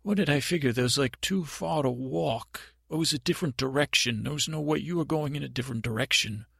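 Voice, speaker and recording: A man's voice: mid-range voice, gravelly, a bit bright, slightly rough, dry recording, clean studio sound. A man playing a timid rambling boy prince. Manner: halting, stammering, meandering storytelling. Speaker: improv comedy podcast performer. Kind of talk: improvised comic monologue.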